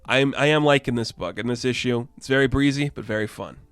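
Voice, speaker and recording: A man's voice: mid-range voice, fast, a bit bright, clean tone, no room sound, faint music behind. A young man giving a casual, enthusiastic and rambling video review as the channel host. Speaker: comic book reviewer.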